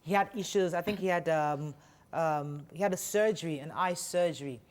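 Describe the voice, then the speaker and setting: A woman hosts a studio chat. Her voice sits a little low, and she tells the story in a chatty, animated way. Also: normal speed. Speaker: talk show host.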